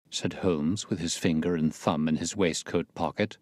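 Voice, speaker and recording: Storyteller, low steady man, dry close sound. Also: no echo. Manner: measured, steady reading. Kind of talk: audiobook narration.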